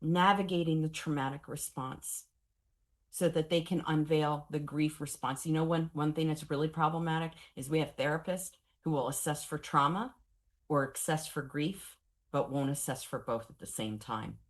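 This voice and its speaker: Low-voiced woman giving a candid trauma lecture. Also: normal speed. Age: 40s. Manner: candid, animated storytelling with wry humor. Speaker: trauma and grief trainer. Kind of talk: professional training lecture.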